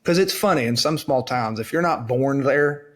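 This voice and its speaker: A man's voice: mid-range voice, moderate pace, a bit bright. A man, a guest author telling stories in a folksy, earnest and self-deprecating way. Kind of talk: casual interview chat.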